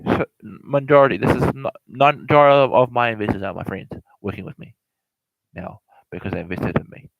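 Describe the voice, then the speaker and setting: A man's voice: on the low side, brisk, gravelly, dry recording, poor audio. A man giving a casual, rambling explanation of investing, repeating himself, stumbling over words and laughing now and then. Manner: repetitive, stumbling, laughs often. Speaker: real estate explainer.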